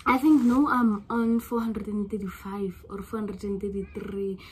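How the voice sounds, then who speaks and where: Speaking in a mid-range, slightly rough voice, this young South African woman drawls her words slowly as she talks to her vlog audience. Her South African-accented chat is casual and gushing, moving from quiet musing to loud bursts of excitement.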